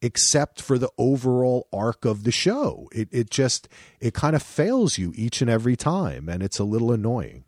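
A man co-hosting a podcast in casual chat, animated and profane, with frequent restarts. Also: medium pitch, normal speed, no room sound, clean studio sound. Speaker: podcast co-host.

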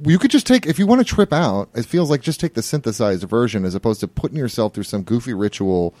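A man's voice: mid-range voice, big pitch swings, fast talker, a little mellow, no echo. A middle-aged man co-hosting a podcast in casual chat, rambling and joking crudely. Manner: rambling, jokey, crude humor. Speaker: podcast co-host.

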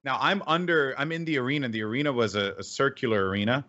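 A man who hosts esports events, telling an animated story in a casual interview, full of fillers and restarts. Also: medium pitch, quick pace, dull audio. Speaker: esports event host and announcer.

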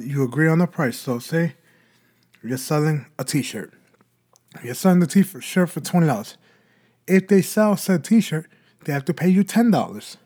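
A man's voice: a little high, darkish tone. Man explaining with rhetorical questions. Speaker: podcast host. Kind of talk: casual solo podcast talk.

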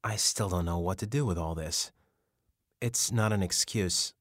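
A man's voice: low-pitched, a little slow, a bit bright, no echo, studio quality. A man voicing an awkward, well-meaning middle-aged man who talks earnestly and apologetically in an audiobook.

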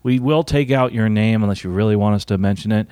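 A man hosting an aviation podcast, speaking in a calm, soothing, unhurried way. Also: on the low side, no room sound. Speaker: podcast host and airline pilot. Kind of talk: casual podcast chat.

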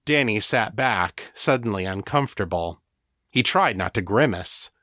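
A man reading an audiobook aloud in calm, measured scripted narration. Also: fairly low pitch, dry recording, clean studio sound.

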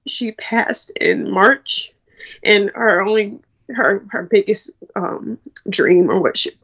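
A woman's voice: medium pitch, slow, gravelly, a bit bright, slightly rough, lo-fi sound. A young woman from New York, a college track athlete, talking candidly in an interview and quoting people as she tells her story. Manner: candid, storytelling with quoted dialogue.

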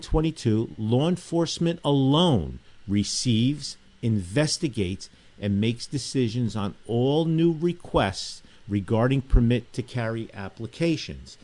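Emphatic New talk radio host. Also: male voice, medium pitch, a little mellow. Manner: emphatic, repeats pleas, reads emails aloud.

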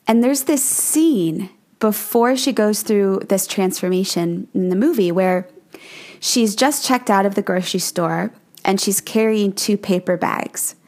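A woman's voice: medium pitch, unhurried, a little mellow. A woman in her forties hosting a podcast from her home office, giving a chatty, coaching monologue that often checks in with "right?". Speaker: podcast host, numerology forecaster. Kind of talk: casual monologue.

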